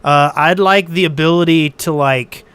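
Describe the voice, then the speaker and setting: A man's voice: a little high, moderate pace, fairly bright tone, clear, resonant tone. A man co-hosting a podcast in casual chat, rambling through a story with restarts.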